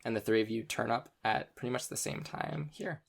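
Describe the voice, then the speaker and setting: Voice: medium pitch, brisk, vocal fry, husky. A game master narrating a tabletop game, meandering with many ums and restarts.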